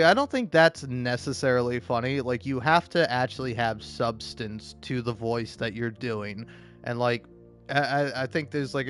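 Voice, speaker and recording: An American man talking over a let's play in loose, rambling commentary. He stumbles through fillers and restarts and laughs along the way. Faint music plays under him. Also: medium pitch. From United States. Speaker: gamer, channel host.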